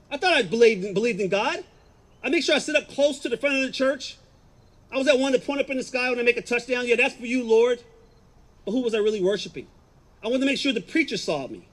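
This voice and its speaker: Brief: middle-aged man, high-pitched, confessional testimony, quiet to emphatic. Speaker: former football player giving a testimony. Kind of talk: personal testimony, storytelling.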